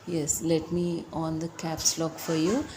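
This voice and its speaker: Slow, patient woman teacher. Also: low-pitched, monotone, dark tone, slight background noise. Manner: patient, coaxing, encouraging. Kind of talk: one-on-one spelling lesson.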